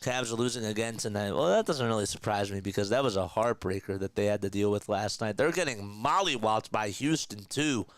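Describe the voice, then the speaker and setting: Man, live basketball play-by-play, home streamer, smooth resonant voice, dry close sound, excitable. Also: fairly low pitch, a little fast, hardly any pauses, no echo. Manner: excitable, rising loud on made shots, chatty with viewers between plays. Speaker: play-by-play caller.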